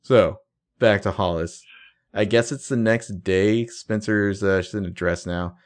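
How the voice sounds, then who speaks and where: A man's voice: lowish voice, fairly even intonation, a little slow. A man co-hosting a podcast, dryly recapping TV scenes in casual chat and reading out the characters' lines. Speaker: podcast co-host.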